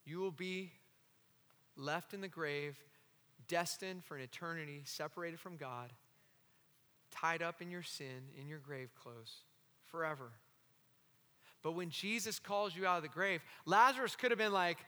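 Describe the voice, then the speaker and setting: Preacher guy going from shouting to hushed, super high bright voice, big echoey hall. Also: normal speed. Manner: impassioned, swings from shouting to hushed intensity, acts out quoted voices. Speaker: pastor. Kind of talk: sermon.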